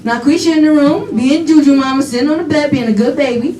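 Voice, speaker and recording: A daughter giving an animated eulogy at a funeral, telling laughing stories full of quoted dialogue. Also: female voice, sits high, fast talker. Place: funeral home chapel. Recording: echoey hall, voice from far off, faint noise.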